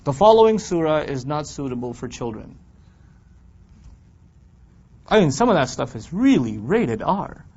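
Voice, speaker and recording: A man with a somewhat high-pitched voice teaches a scripture class in a lively, conversational way. He keeps asking his listeners questions and acts out their complaints. The recording sounds dull and lo-fi. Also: brisk, slightly rough. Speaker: Quran teacher.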